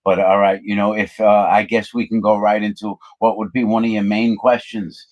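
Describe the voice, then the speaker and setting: Host, middle-aged man, very deep voice, measured and reflective delivery with fillers. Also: little pitch movement, muffled recording. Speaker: channel host, former prisoner. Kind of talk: casual conversational chat.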